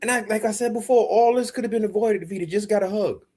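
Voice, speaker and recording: Husky, emphatic man on a podcast. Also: high voice, fast talker. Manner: loud, profane, emphatic. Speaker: podcast co-host. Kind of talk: casual show review chat.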